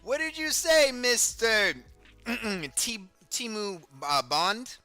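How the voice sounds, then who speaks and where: A man's voice: extremely high pitch, sing-song, takes it slowly, sharp tone, soft background music. A man streaming reaction commentary on clips, blunt and ranting, swearing heavily.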